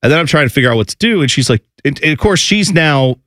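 A man in his thirties telling a lively family story in casual chat, acting out his kids' voices. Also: on the high side, fast, no room sound, studio quality. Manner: animated, acts out family voices.

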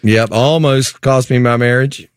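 A man's voice: mid-range voice, steady tone, unhurried, clean tone, dry recording, studio quality. A male musician guest on a talk show, telling self-deprecating stories casually.

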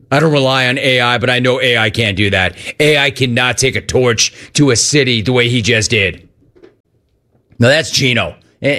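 A man hosting sports talk radio, reading listener messages in an animated, quick delivery. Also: medium pitch.

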